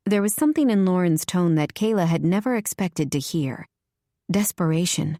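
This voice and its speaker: A woman narrating fiction in an even, measured way. Her voice sits a bit low and the sound is close and completely dry, as from a booth. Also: no room sound. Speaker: audiobook narrator. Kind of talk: scripted narration.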